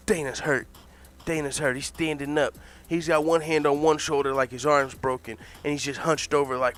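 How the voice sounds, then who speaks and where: A man improvising a comic fight story, animated, excitable and full of swearing. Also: fairly high pitch, a little fast.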